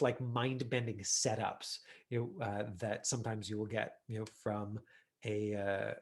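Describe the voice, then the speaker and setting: A man's voice: fairly low pitch, level tone, a little slow. A middle-aged man teaching an online acting class, talking casually with many fillers as he reviews a student's self-tape. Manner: chatty, full of fillers and "you know".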